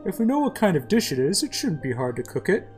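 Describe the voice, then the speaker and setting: A woman's voice: fairly low pitch, very animated, quick pace, darkish tone, faint music behind, voice pushed up. A woman voicing a friendly, helpful male bear who cooks in a video game, upbeat and encouraging. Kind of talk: video game voice-over reading.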